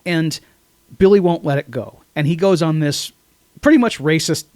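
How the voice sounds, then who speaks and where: A man co-hosting a casual movie podcast, retelling scenes in an animated way and acting out lines from the film. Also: fairly high pitch, moderate pace, dry recording. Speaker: podcast co-host.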